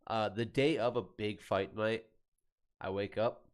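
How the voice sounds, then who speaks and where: A laid-back man with a lowish voice, chatting casually on a podcast. His phrases often trail off quietly at the end. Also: steady tone, measured pace. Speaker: podcast co-host. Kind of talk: casual chat.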